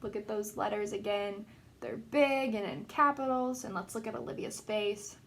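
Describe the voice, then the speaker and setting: A woman teacher giving an interactive read-aloud of a picture book, pausing to ask questions and point out the pictures. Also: medium pitch, vocal fry.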